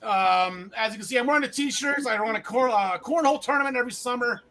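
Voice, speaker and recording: High, bright-voiced joking podcast host. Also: male voice, quick pace. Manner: jokey, rambling, swings from loud to mumbled. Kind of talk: casual podcast chat.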